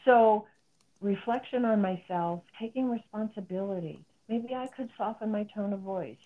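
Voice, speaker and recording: A woman's voice: medium pitch, normal speed. A middle-aged woman psychotherapist explaining as an interview guest, earnest and explanatory. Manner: earnest, explanatory, acts out quoted speech. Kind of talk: interview conversation. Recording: phone-like narrow sound.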